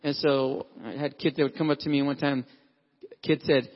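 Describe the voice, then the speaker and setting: A man's voice: medium pitch, steady tone, brisk. A middle-aged man preaching a sermon, telling personal stories in a conversational way and acting out what people said. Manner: conversational storytelling, acts out quotes. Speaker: pastor. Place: church hall. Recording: dull recording in a reverberant hall.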